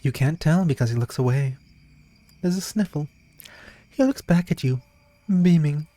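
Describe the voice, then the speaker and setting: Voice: medium pitch, moderate pace, warm tone, no room sound. A streamer reading a game's narration aloud, playful, with laughing asides.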